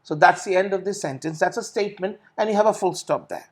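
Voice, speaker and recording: A man's voice: sits high, fast. Man explaining patiently. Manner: explanatory, repeats words and restarts often. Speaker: IELTS trainer. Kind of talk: teaching in a recorded Q&A session.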